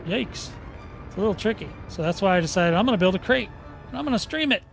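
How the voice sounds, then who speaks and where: Quick and lively in intonation, this high-voiced gaming host has some vocal fry as he leads a casual tutorial. He's chatty and folksy, restarting sentences and checking in with "okay?", while soft music plays in the background.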